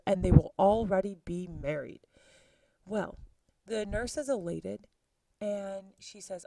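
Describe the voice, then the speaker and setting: A woman's voice: mid-range voice, slow pace, long pauses, darkish tone, no room sound, distant mic, low-quality recording. A woman teacher casually retelling a play scene, chatty with exclaimed asides to her students. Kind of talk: casual lesson summarizing a play.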